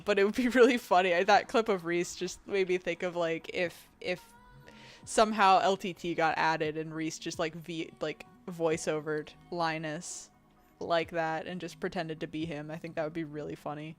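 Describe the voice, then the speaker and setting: A woman game streamer chatting casually with her viewers, reading chat and laughing often, with a fairly deep voice. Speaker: game streamer and video editor.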